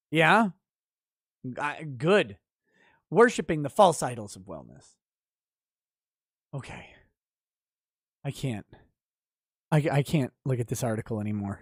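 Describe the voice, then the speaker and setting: Man, livestream host, sardonic, swears a lot, fairly high voice, dry close sound. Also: animated, slow pace, long pauses, husky, no echo. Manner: sardonic and profane, reading chat and mocking an article. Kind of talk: casual livestream commentary.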